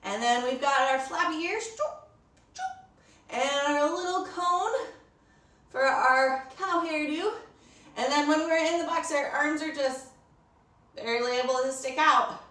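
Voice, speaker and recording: A woman's voice: sits high, a little slow, sharp tone, reverberant, far from the mic. A woman teaching a storytime yoga lesson to children, encouraging them, asking them questions and praising them.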